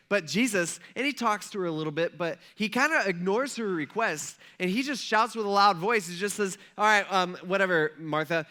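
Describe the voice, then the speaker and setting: A man's voice: high-pitched, animated, brisk, hardly any pauses, sharp tone. A man preaching a sermon as pastor, retelling a Bible story in a casual, conversational way and acting out what the people said.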